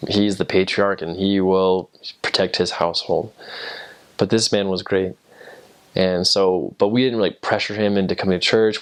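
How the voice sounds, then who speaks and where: A young American man, a returned missionary, casually telling stories with lots of fillers and restarts. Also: low voice. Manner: rambling, many fillers and restarts. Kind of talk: casual storytelling.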